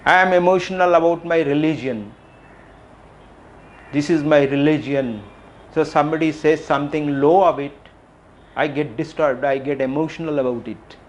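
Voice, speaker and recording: A middle-aged man giving a reflective public talk, asking questions and repeating phrases with frequent pauses. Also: a little high. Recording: faint background noise.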